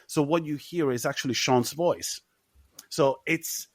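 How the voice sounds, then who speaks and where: A man's voice: a little high, a little slow, dry recording. A man co-hosting a film podcast, talking animatedly with lots of swearing and laughter. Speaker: podcast co-host. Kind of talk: casual film chat.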